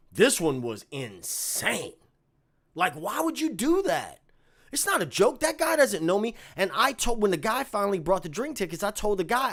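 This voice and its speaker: Man, animated vlog storyteller, lively ups and downs, slightly high voice. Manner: animated, swings from muttering to shouting. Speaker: bass player telling a story.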